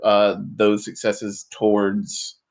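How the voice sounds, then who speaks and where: A man's voice: fairly low pitch, monotone, slow. A man running a tabletop game as game master, laid-back and joking with his players. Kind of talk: casual tabletop game play.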